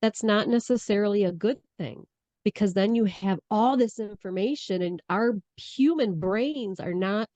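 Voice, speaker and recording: A woman's voice: medium pitch, measured pace, dry recording. Rambling woman with a Southern twang. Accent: Southern US tinge, Michigan. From Michigan. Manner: rambling, animated, laughs often. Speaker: podcast co-host. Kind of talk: casual chat. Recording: dull lo-fi sound.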